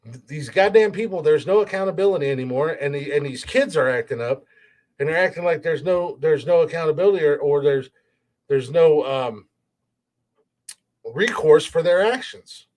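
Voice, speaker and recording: Podcast host, male, slightly raised pitch; blunt, profane, fired-up monologue full of restarts. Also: normal speed, darkish tone. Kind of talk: opinionated solo podcast rant.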